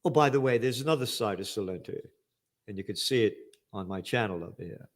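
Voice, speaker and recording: A man's voice: on the low side, animated, a little fast. An older man hosting a news commentary, ranting angrily and profanely, with sarcastic emphasis as he reads out headlines.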